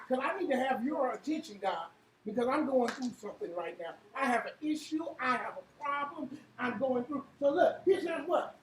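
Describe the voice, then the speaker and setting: A woman leading an interactive church Bible lesson, quizzing the room with repeated "what?" and building to shouts. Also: sits high. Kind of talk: interactive sermon with call and response. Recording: echoey room from far off, faint hiss.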